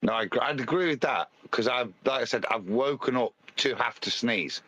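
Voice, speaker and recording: A man's voice: mid-range voice, normal speed, a bit bright, no echo, rough recording. A man co-hosting a casual live stream, speaking in a dry, sarcastic and stubborn way. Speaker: co-host.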